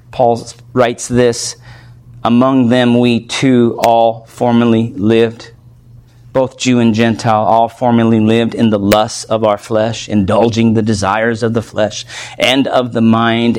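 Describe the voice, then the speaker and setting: A man's voice: mid-range voice, a little mellow. A man preaching a verse-by-verse sermon, teaching in a conversational way and often checking in with his listeners. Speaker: pastor. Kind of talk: expository sermon.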